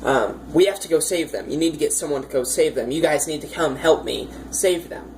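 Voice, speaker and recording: Panicked wounded soldier begging for help, a woman gives him a low voice, quick and urgent. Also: a little mellow, slight background noise, low-quality recording. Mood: desperate. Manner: pleading, urgent, repeats himself. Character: injured panicked male soldier, desperate.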